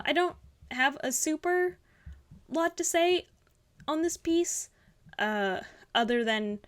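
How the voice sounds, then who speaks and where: A young woman hosting a casual art review, gushing and rambling with lots of fillers. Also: medium pitch. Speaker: art channel host. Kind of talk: casual art critique commentary.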